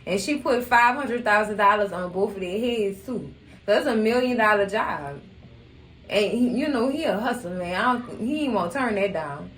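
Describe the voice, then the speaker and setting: A woman's voice: mid-range voice, animated, normal speed, fairly bright tone, far from the mic, a little hiss or hum. A young woman, chatting casually about a show, acting out quotes and laughing often. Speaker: recap channel host. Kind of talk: casual TV recap chat. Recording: echoey room.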